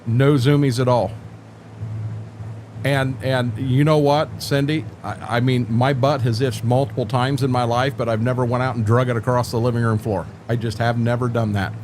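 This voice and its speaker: Older male streamer, folksy rambler, mid-pitched voice, faint background noise. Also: steady tone, brisk, hardly any pauses, a little mellow. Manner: rambling, folksy, joking, repeats words. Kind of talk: casual live-stream chat with viewers.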